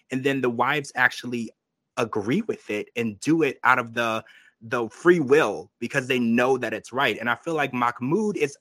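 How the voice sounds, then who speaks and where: A man hosting a podcast, chatting casually and giving his opinions while quoting people in quick asides. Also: medium pitch, a bit bright, no echo. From United States. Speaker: podcast host. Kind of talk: casual recap chat.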